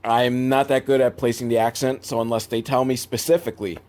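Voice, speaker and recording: Young guy doing a jokey movie recap, rambly and sarcastic, mid pitch that jumps way up when he gets excited. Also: fairly quick. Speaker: movie reviewer. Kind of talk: comedic film recap.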